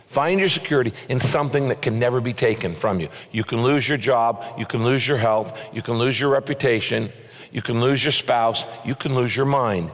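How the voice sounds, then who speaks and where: A man preaching a sermon as a pastor, emphatic and rising in pitch on his key points. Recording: long hall reverb.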